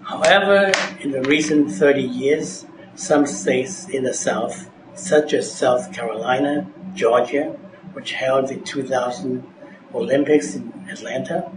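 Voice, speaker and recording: Slow, measured male teacher in echoey room. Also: medium pitch. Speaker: English teacher. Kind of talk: scripted vocabulary lesson narration. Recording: echoey room with background noise.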